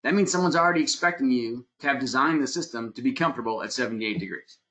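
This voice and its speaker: Speaking fast and animatedly, the heating and cooling design presenter walks through his webinar lecture step by step on a computer mic. His voice is medium in pitch, pushed and bright, and his plain, emphatic delivery carries some fillers.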